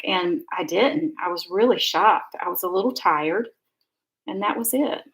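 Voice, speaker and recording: A woman's voice: on the low side, expressive, unhurried, gravelly, poor audio. A middle-aged woman, chatting and rambling casually while she demonstrates card making on a live stream. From Georgia, USA. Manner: chatty, rambling, warm asides.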